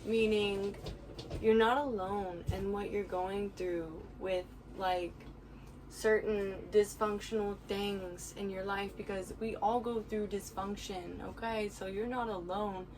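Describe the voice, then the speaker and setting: A young woman with a medium-pitched voice and fairly even intonation takes her time speaking while vlogging outdoors near home, birds around her. Her casual, rambling motivational rant is packed with swearing and laughing asides, picked up by a distant mic with faint background noise.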